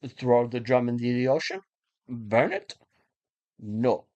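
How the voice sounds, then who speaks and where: A man doing an impression of a calm, menacing middle-aged male film villain, delivering a theatrical monologue with a wavering put-on accent. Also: mid-range voice, slow pace, dull audio.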